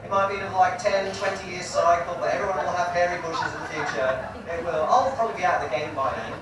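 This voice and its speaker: A man's voice: sits high, steady tone, fast talker. A man doing a stand-up comedy set in front of a live audience, chatty and crude and teasing the crowd. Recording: echoey live room, distant mic, audience noise.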